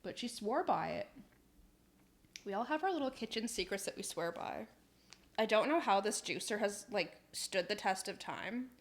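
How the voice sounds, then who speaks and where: A woman's voice: mid-range voice, expressive, normal speed. A young woman chatting casually on a live stream, reading out chat messages, laughing often and swearing in passing.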